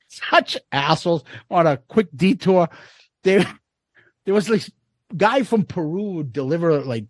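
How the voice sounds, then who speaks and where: A man's voice: on the high side, animated, takes it slowly, pauses often, no echo. A man in his fifties co-hosting a casual podcast, telling a rowdy story full of swearing and laughter and acting out the voices in it. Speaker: podcast co-host.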